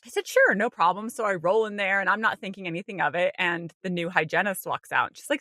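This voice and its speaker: A woman co-hosting a podcast, telling a personal story in a casual, animated way, acting out her own inner voice with light laughs and lots of "like". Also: mid-range voice, fast, no room sound, studio quality. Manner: frequent light laughter and "like" fillers. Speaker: podcast co-host.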